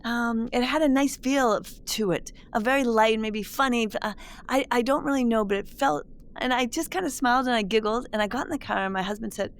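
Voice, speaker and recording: A middle-aged woman, a spiritual medium, telling a personal story to listeners in a gentle, reflective way with many restarts. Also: fairly high pitch, brisk, a little hiss or hum. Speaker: spiritual medium, podcast host.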